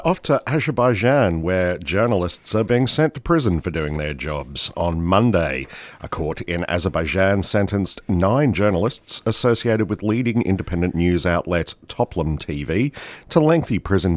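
A man's voice: deep voice, no echo. An Australian man co-hosting a community radio news show, reading world news with dry sarcastic asides. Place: radio studio.

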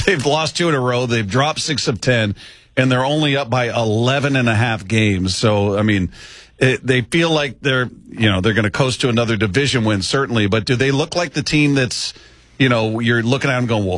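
A man's voice: mid-range voice, moderate pace, a bit bright, no room sound. A man co-hosting a sports talk show, chatty and analytical.

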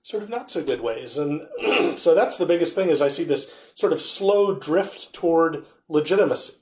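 A man with a fairly high voice chatting casually and telling easygoing anecdotes. His voice sounds echoey, as if the room is bare. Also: expressive, normal speed. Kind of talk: casual chat.

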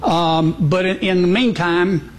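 A senator, a man with a notably high voice, speaks in a plain, unhurried way. He fills his pauses with ums as he works through his points in a played interview clip. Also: a little hiss or hum.

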